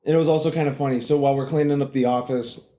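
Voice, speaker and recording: A young man hosting a casual solo podcast, telling a story in an animated way with plenty of swearing. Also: rapid-fire. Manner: animated, swearing, rises high when retelling exchanges. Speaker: podcast host. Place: home room, seated in a squeaky chair.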